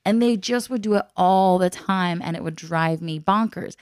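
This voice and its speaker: A woman's voice: on the low side, normal speed, a little mellow, clear, resonant tone, no room sound, clean studio sound. A middle-aged woman co-hosting a casual chat, talking in a chatty, exasperated way and laughing often. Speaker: podcast co-host.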